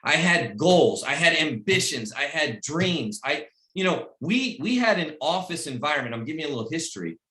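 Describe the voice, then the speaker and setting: A middle-aged man giving a motivational speech to his team on a video call, emphatic and repetitive, swinging between loud pep talk and quiet personal stories. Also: on the high side, big pitch swings, moderate pace, hardly any pauses, echoey room. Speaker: team leader addressing his recruits.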